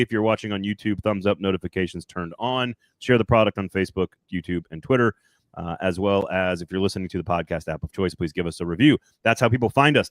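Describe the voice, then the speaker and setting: A man's voice: fairly low pitch, no room sound. Chatty male sports podcast host. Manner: chatty, rambling, self-correcting. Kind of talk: casual sports talk.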